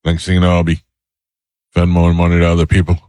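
A man hosts a morning radio show from the studio, telling dry, wry stories. His voice sits very low and he talks fast. The sound is dry and close, with no room in it. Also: monotone, a little mellow, dry recording. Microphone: studio microphone.

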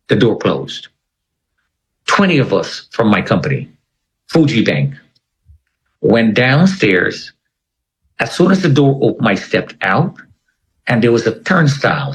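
Man, interview guest, personal storytelling, lively up-and-down pitch, quotes people as he talks. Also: rough recording. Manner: vivid, conversational retelling with quoted dialogue.

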